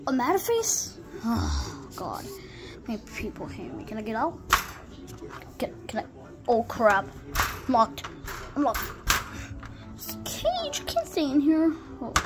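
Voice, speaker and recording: A woman doing playful role-play commentary for a gaming video, excitable and jumping between hushed whispers and sudden yelps. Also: a little high, takes it slowly, pauses often, over music.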